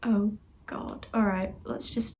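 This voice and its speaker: A woman's voice: mid-range voice, flat delivery, takes it slowly, very noisy. A young woman hosting a reaction video, chatting casually and earnestly and getting easily moved.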